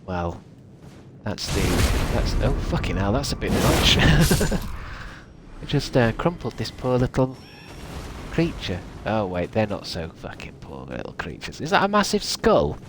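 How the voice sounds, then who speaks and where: A man's voice: lowish voice, huge pitch swings, measured pace, noisy background. A young man chatting casually while streaming a game, rambling, swearing and laughing at himself. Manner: rambling, sweary, self-mocking, laughs often. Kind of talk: casual live-stream commentary while gaming.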